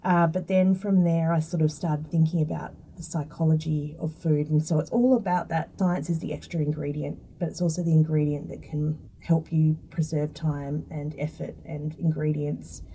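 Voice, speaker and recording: A woman's voice: low-pitched, flat delivery, moderate pace, hardly any pauses, warm tone, distant mic, slight background noise, poor audio. A woman, chatting casually as a guest and explaining food science with lots of fillers. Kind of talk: casual interview talk.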